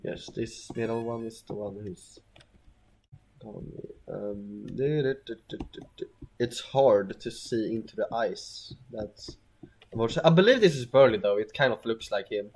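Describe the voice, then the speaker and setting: A man's voice: fairly low pitch, unhurried, a little mellow, breathy edge. A man giving casual let's-play commentary, rambling and hesitant with frequent stammers and restarts. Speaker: gameplay commentator.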